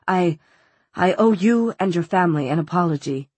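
A woman's voice: lowish voice, expressive, moderate pace, darkish tone, husky, no echo. A woman doing a stern, formal woman official. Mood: grave.

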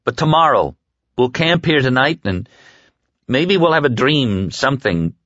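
A man voicing a young adult man who is desperate and near tears, in a high, strained, pleading voice. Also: very animated, measured pace, a bit bright, no room sound. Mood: anxious. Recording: dull lo-fi dry recording.

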